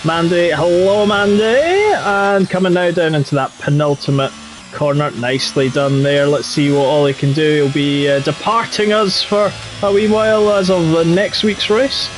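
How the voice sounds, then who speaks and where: A man's voice: a little high, fairly even intonation, normal speed, slight background noise. A man with a Yorkshire accent commentating a racing game live, chatty and jokey. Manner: chatty and jokey, drifting into banter. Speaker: league race commentator.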